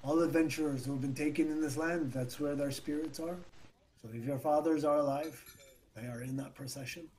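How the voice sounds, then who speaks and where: A man voicing a drunk, gloomy old tavern keeper in a wobbly put-on accent that drifts between styles, telling a grim tale slowly. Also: fairly high pitch, steady tone, a little mellow, pitched below the performer's own voice, natural voice, rough recording. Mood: ominous.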